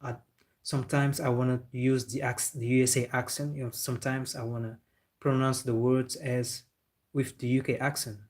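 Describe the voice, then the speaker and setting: A man's voice: medium pitch, level tone, moderate pace. Man chatting on a livestream. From Senegal. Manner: chatty, laughing, answers viewer comments. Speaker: football livestream host. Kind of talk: casual livestream chat.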